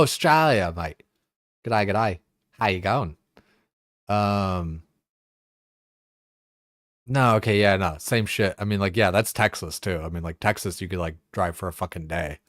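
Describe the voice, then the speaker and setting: Deep-voiced young guy streaming, rambly and sweary, lots of "like", dry close sound. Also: no echo. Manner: rambling, profane, heavy filler words. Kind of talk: casual chat while gaming.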